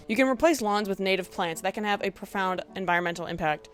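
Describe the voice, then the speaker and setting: A woman's voice: mid-range voice, fast, few pauses, soft background music. A young woman from the United States ranting about lawns in a passionate, exasperated vlog, swearing and laughing at herself. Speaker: video essay creator.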